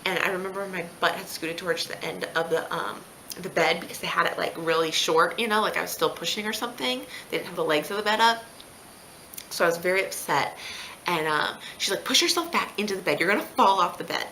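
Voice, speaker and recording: A woman's voice: on the low side, brisk, slight background noise. A mother telling her birth story in a casual vlog, acting out the quoted lines of the people involved. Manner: animated, acts out quoted dialogue. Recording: echoey room.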